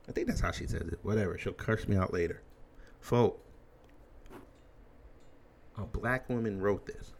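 Blunt, low-voiced ranting man. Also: normal speed, long pauses, a little hiss or hum. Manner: blunt, emphatic, crude. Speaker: commentary host. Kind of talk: ranting commentary.

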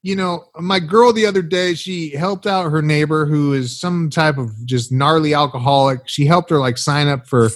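Profane, animated male podcast host. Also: fairly high pitch, moderate pace, few pauses, dry recording. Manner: profane, animated storytelling with shouted quoted voices. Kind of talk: crude casual comedy podcast banter.

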